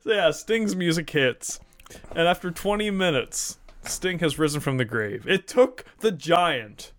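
A man's voice: fairly high pitch, animated, measured pace, fairly bright tone. A man telling wrestling stories in casual, profane podcast chat, laughing at his own jokes. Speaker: podcast co-host.

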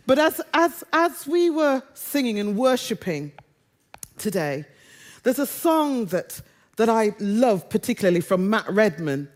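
A woman's voice: a little high, very animated, a little slow, a little mellow. A British woman preaching a sermon in a conversational, humorous way, drawing out quoted lines and song words. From Britain.

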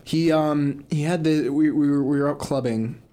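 A man's voice: fairly high pitch, fairly even intonation, moderate pace, warm tone. A young man co-hosting a podcast, telling a story in rambling casual chat full of fillers and restarts. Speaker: podcast co-host.

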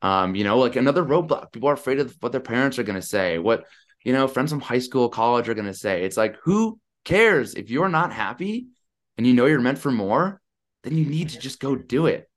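A man in his thirties, a podcast guest telling a story in a chatty, animated way over a video call. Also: medium pitch, a little fast. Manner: animated, chatty, lots of "I'm like". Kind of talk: casual storytelling.

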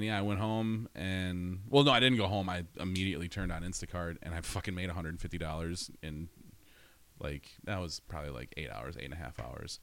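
A man's voice: sits low, no echo. A man telling a story in a casual, profane monologue, ranting and laughing as he goes.

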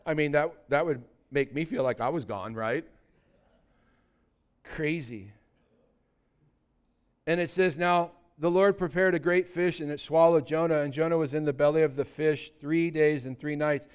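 A man preaching a sermon, telling a scripture story with lively asides and acted-out quotes. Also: a little high, normal speed, pauses often, smooth. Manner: animated storytelling, acting out quotes. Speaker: pastor.

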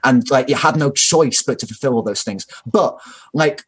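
A man's voice: mid-range voice, moderate pace, breathy edge. A man talking at length in a casual, opinionated way, full of fillers and restarts and the odd swear word. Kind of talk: casual discussion.

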